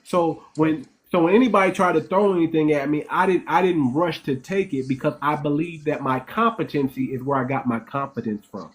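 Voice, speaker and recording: A man hosts a commentary monologue in a slightly raised, lively register. He lectures emphatically and repeats and restarts phrases as he builds each point. He keeps checking in with short tag questions. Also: fairly high pitch, brisk, hardly any pauses. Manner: explains in a lecturing tone, asks "right?" and "okay?". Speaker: host.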